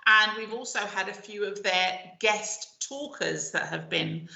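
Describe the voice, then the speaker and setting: A woman co-hosting a local radio show, chatting casually and reading a book synopsis slowly and dramatically. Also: mid-range voice, creaky, pushed and bright, reverberant, low-quality recording. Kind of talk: casual chat.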